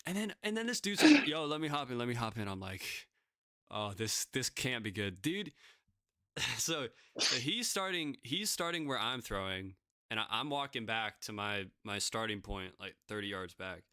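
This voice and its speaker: A man's voice: on the low side, big pitch swings, a little slow, sharp tone, dry recording, clean studio sound. A young man casually telling self-deprecating stories, rambling with lots of fillers. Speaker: podcast guest pitcher. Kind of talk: casual storytelling.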